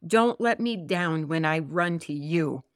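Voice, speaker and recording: A woman co-hosting a Christian podcast, talking earnestly and reading scripture slowly and expressively. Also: low voice, expressive, dry recording, studio quality. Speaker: podcast co-host.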